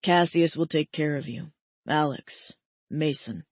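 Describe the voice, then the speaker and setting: A woman voicing a desperate young man who pleads softly with his lover, in an audiobook. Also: sits low, expressive, normal speed, no room sound, voice pushed down. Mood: pleading. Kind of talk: audiobook character voice.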